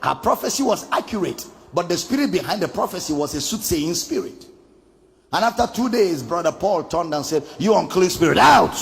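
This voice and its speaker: A man preaches in a high, swooping voice with a gravelly edge. His delivery is emphatic and sing-song, driving points home by repetition. The sound carries the long reverb of a large hall. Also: animated, brisk, faint music behind. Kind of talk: sermon.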